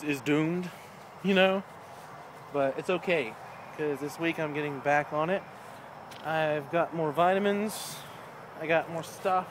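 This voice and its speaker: A man's voice: on the high side, background noise. Man rambling casually in a home vlog. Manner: loose, rambling and friendly, with chuckles. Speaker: vlogger. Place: outdoors in a yard at night.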